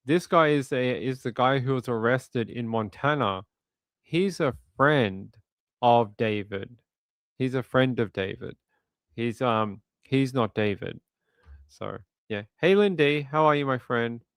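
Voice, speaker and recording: Hosting a live stream, an Australian man reads viewers' comments in an easygoing, loose manner, frequently repeating words and laughing softly. His medium-pitched voice is clean and resonant with a dry, close sound and little echo, and he talks a touch slowly.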